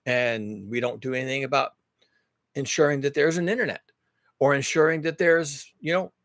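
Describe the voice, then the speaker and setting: A man's voice: medium pitch, steady tone, normal speed, a bit bright, no echo, clean studio sound. A man hosting his own channel, talking through big questions in a rambling, emphatic monologue full of rhetorical questions. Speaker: host. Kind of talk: casual monologue.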